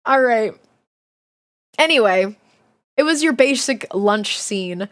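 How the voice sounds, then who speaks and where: A woman's voice: a little high, animated, slow, long pauses, fairly bright tone. A young woman streamer reading a children's book aloud, chatty and giggly, breaking off to comment and swear casually. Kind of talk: casual livestream reading and chat.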